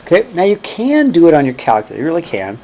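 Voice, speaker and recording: Fast and warm, this man's fairly high voice swoops wildly in pitch as he teaches a math class. In the classroom lecture he walks through each step aloud, counting them out and checking in with "okay?" and "right?".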